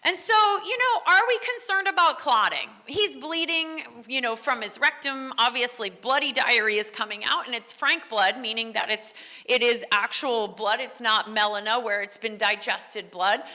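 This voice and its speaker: Bright-voiced woman lecturing on veterinary care. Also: a little high, normal speed, big-room sound. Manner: conversational, often asks "right?" and answers her own questions. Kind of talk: conference lecture. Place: large lecture hall.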